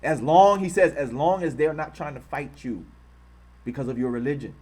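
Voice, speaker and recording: A somewhat high male voice, normal in speed, darkish in tone, with a breathy edge. He hosts his channel, reading quotes in heated commentary, angrily insulting his target and repeating himself to drive points home, while saying he's trying to control his harsh language.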